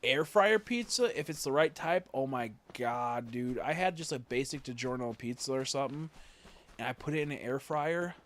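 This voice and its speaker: A man's voice: mid-range voice, animated, normal speed, fairly bright tone. Young male streamer, casual crude banter, loose rambling delivery. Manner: crude, joking, rambling with profanity. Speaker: game streamer.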